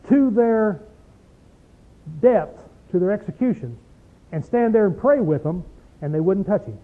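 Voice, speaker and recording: A man preaching a sermon and reading scripture. He talks emphatically and folksily, asks the listeners lots of rhetorical questions, and slows right down to stress a verse. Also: sits high, narrow, tinny audio.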